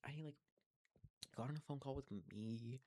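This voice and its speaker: A young man of eighteen rambles through a profane, venting monologue, stumbling over restarts. His low, gravelly voice has a husky edge and sits in a dry, close sound. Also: unhurried, dark tone, no echo. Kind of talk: casual venting monologue to camera.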